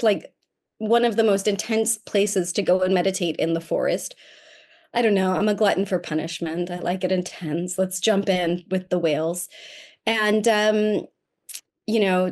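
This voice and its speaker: A woman guest on a podcast telling a personal story in a casual, animated, self-mocking way. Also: medium pitch. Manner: animated and self-mocking, acting out quoted voices.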